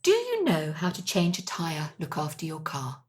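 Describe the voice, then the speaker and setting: A middle-aged woman chatting as a podcast co-host, her voice sitting on the low side for a woman. She tells stories with a lively, swooping pitch and laughs often. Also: moderate pace. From England. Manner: animated storytelling, laughs often. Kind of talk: casual chat. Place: kitchen.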